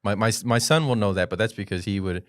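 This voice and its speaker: Lower-voiced man telling stories in a dry room. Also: fast, dry recording. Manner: animated storytelling, acting out quotes with sudden high loud jumps. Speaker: podcast co-host. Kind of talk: casual chat.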